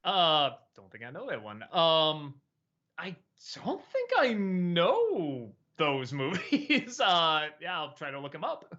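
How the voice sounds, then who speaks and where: A man's voice: on the high side, huge pitch swings, slow pace, pushed and bright, lo-fi sound. A man hosting a casual live-stream chat, answering viewer questions with many fillers, restarts and easy laughs.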